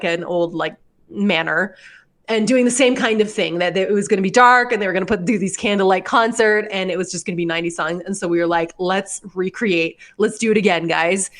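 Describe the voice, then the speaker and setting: A young adult woman hosting a podcast, telling a story in casual chat, full of likes and laughs. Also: medium pitch. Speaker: podcast host.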